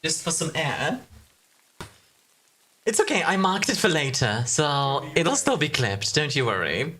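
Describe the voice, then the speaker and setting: Playful low-voiced woman streamer. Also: big pitch swings, a little slow, a bit bright, slight background noise. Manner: playful and self-mocking, bursts of laughter. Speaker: streamer playing a game. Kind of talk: casual live-stream chat.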